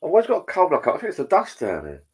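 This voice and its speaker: A man hosting a relaxed livestream, chatting to viewers in a rambling, matey way over drinks at home. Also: fairly high pitch, quick pace, breathy edge. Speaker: livestream host. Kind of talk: casual chat with viewers while drinking. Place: at home, indoors.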